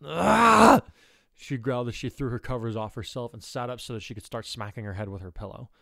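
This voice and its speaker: A man reading fan fiction aloud in a steady, measured narration. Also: mid-range voice, no room sound, clean studio sound. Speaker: audiobook narrator.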